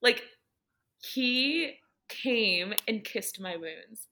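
A woman's voice: a little high, animated, drawn-out words, bright, forceful tone, slight background noise. A woman talking casually about her faith, telling earnest personal stories and filling her speech with "like". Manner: earnest storytelling, heavy use of "like".

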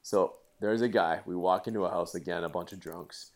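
A middle-aged man in casual chat, telling animated stories with swearing and laughter. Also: low voice, brisk.

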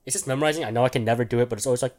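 A man's voice: medium pitch, racing, darkish tone. Young man, podcast host; loose rambling chat, laughs a lot, slangy.

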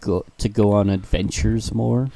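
A man co-hosting a podcast in casual chat, unhurried and deadpan, swearing casually. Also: on the low side, creaky, no echo. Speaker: podcast co-host.

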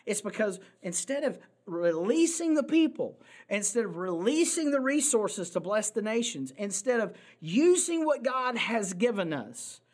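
A man delivers a sermon as pastor. He is earnest and emphatic, repeating key phrases for weight and pausing on rhetorical questions to the congregation. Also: high-pitched.

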